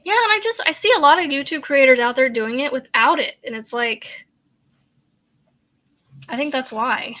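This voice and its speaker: A woman chats casually while crocheting, rambling and hesitant, trailing off into fillers and sighs. Her voice sits a little high and comes across bright and forward. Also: normal speed, long pauses. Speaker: crochet channel host.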